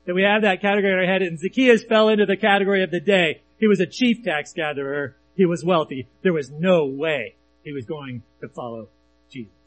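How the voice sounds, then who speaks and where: A male preacher with a voice a bit higher than most men talks through a sermon in a casual, conversational way, often asking his listeners to agree. A faint mains hum sits under the recording. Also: brisk, rough recording. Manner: conversational, often asks the audience "right?"; reads scripture aloud between comments.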